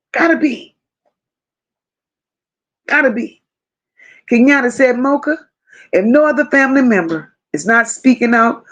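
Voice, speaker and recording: A woman hosting a live stream, reading viewer comments and reacting with emphatic repetition. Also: a little high. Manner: emphatic, repeats phrases, chats to viewers by name. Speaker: host reading live chat.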